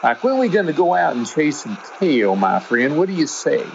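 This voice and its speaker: A man voicing a cocky young male pitcher with a slow Southern US drawl, brash and teasing. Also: sing-song, vocal fry, a little hiss or hum. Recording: dull lo-fi with faint music.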